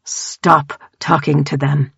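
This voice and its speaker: A woman voicing a mysterious man who urges in a low, hushed, insistent voice. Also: little pitch movement, slow, gravelly, breathy edge, dry recording, dull audio, full character voice. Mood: urging. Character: mysterious man, calm, urgent, manipulative.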